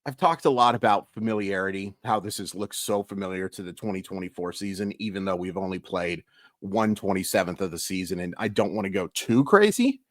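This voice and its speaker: A man's voice: low-pitched, expressive, brisk, no echo, studio quality. A man hosting a daily baseball recap channel, venting with exasperated emphasis. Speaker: sports YouTuber.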